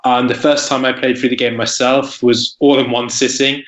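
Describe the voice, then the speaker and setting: A man's voice: mid-range voice, flat delivery, normal speed, a bit bright, echoey room. A man speaking as a guest promoting a game, earnest and a little hesitant. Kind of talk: promotional talk.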